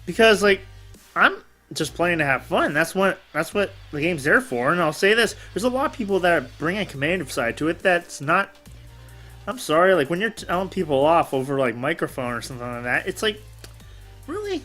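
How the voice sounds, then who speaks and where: A man hosting a casual talk show, telling rambling, animated gaming stories. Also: fairly high pitch, brisk, faint music behind.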